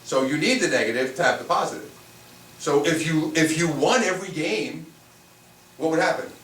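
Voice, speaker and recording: A man's voice: a little high, animated, normal speed, a bit bright. A man, a spiritual teacher, teaching a live seminar in a conversational way and firing rhetorical questions at the room. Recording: echoey room, far from the mic, faint hiss.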